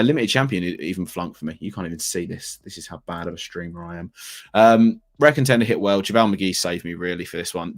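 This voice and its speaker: A man in his thirties, rambling and self-deprecating as he chats through a live stream. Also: low-pitched. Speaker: fantasy basketball streamer.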